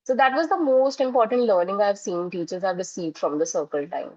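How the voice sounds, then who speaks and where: A woman's voice: mid-range voice, a little fast. A woman psychologist and educator answering interview questions earnestly, explaining through classroom stories. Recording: dull lo-fi audio.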